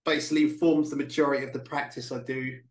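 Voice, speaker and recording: A man's voice: medium pitch, level tone, quick pace. A man co-hosting a podcast in casual chat, easygoing, with brief affirming replies. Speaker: podcast co-host.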